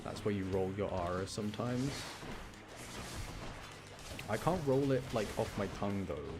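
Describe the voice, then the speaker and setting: Chatty low-voiced man streaming a game. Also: lively intonation, unhurried, over music. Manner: rambling, chatty, talks to his chat while playing. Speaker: live streamer. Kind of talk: casual gaming live stream chat.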